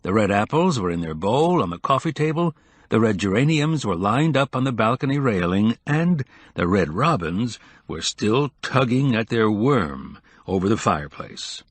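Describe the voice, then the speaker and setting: A man narrates an audiobook in a measured, even way. His voice is low and husky. It is recorded dry and close to the mic. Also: no echo. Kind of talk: scripted narration.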